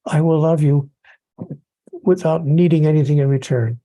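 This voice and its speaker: A man's voice: on the high side, steady tone, normal speed, mellow, no room sound, low-quality recording. A man who is an author and podcast guest, speaking earnestly about spirituality and building his points through repetition.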